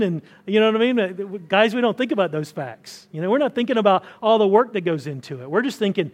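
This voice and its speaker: A high-pitched male pastor preaches at a quick pace with few pauses and lively intonation. His conversational sermon to the church hall congregation is marked by frequent word restarts and points pressed with escalating emphasis.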